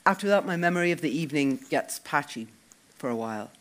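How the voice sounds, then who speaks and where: A man reading a first-person novel, wry and expressive. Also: fairly high pitch, fast talker. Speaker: audiobook narrator.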